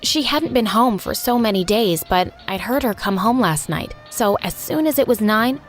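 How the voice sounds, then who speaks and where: A woman narrating a first-person animated story in an expressive, scripted storytelling voice. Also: medium pitch, normal speed, faint music behind.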